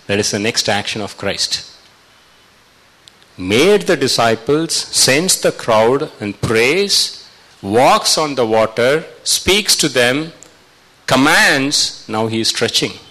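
Man, preacher, sermon, fairly low voice, dramatic, swings from soft to loud. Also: poor audio. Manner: dramatic, acts out quotes with sudden loud rises.

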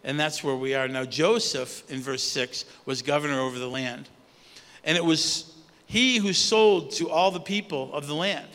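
A man preaches in a loose, conversational way, pausing on fillers and restarting his sentences. His voice sits high and sounds bright and forceful. A long reverb trails each phrase, as if he is in a large hall. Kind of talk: sermon.

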